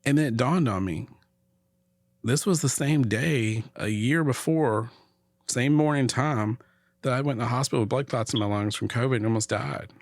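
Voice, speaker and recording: A man's voice: mid-range voice, moderate pace, no room sound. A middle-aged man tells a story as a guest on a casual talk show. He throws himself into it and acts out every voice. The sound is dry and close, with little room in it. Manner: animated storyteller, acts out quotes. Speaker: podcast guest.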